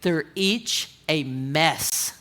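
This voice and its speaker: A woman's voice: low-pitched, very slow, a bit bright. A woman giving a conversational, humorous sermon at a women's conference, often asking the audience questions. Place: church auditorium.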